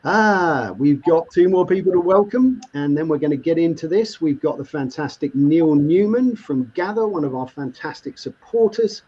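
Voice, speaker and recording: Man, live-show host, husky, dull lo-fi audio, reads comments, laughs a lot. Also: a little high, moderate pace, hardly any pauses, a little mellow. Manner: reads viewer comments aloud, laughs often. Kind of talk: upbeat live show chat. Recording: muffled lo-fi online stream audio.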